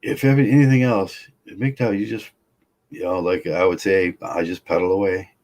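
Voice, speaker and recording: A man in casual chat, hosting, relaxed and laid-back, mostly agreeing in short replies. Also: low voice, normal speed.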